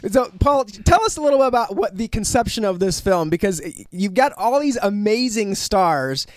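A male radio host with a high voice banters on a film review show. He restarts his sentences and stumbles through them in a jokey way. The studio sound is dry and close. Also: sing-song, normal speed, no echo.

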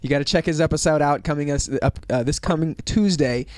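A man's voice: on the high side, quick pace, darkish tone, no echo. A man hosting a radio show from the studio, chatty and often stammering over his words. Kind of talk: casual radio interview.

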